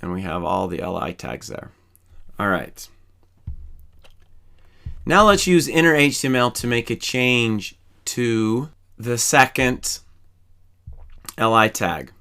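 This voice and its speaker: A man teaching a programming lesson, calmly walking through each step as he types code. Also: mid-range voice, slow pace, creaky, long pauses. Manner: calm, methodical, explains each step while typing. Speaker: programming instructor. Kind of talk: screen-recorded coding tutorial.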